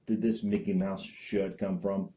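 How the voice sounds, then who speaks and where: A man hosting a homemade comedy talk show, rambling and deadpan, constantly hesitating with uh and um. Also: sits low, unhurried. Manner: hesitant, full of uh and um, restarts. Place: small home studio with green screen.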